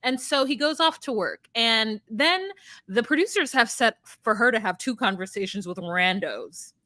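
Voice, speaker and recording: A woman's voice: normal speed, no echo. A woman co-hosting a casual recap chat, telling the story animatedly and acting out quotes. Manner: animated storyteller, acts out quotes in high voices. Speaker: podcast co-host.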